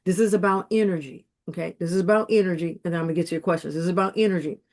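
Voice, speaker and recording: A woman's voice: lowish voice, fairly even intonation, racing, a little mellow. A woman leading a motivational group coaching call, talking emphatically with lots of repetition and affirmations. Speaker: business and wealth coach.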